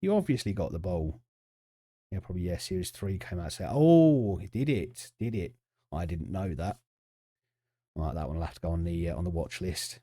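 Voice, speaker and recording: Chatty man streaming, lively. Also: deep voice, moderate pace, no echo, studio quality. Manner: chatty, jokey, reacts to chat and the match. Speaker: streamer playing a football management game. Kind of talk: casual live-stream commentary.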